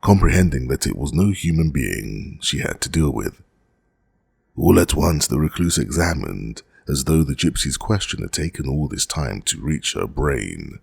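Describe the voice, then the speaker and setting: A man narrating a classic novel as an audiobook, in a measured, dramatic reading. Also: rumbling low, expressive, gravelly, slightly rough, no echo.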